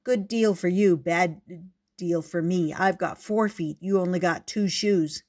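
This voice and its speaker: A woman's voice: lowish voice, a little slow, a little mellow, natural voice. Vain boasting tiger, as a woman reads it. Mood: boastful. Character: boastful hungry male tiger, vain and proud.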